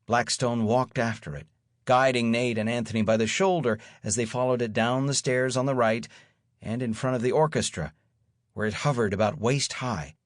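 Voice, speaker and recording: A man's voice: medium pitch, moderate pace, dry recording. A man narrating an audiobook in the first person, with wry, dry storytelling.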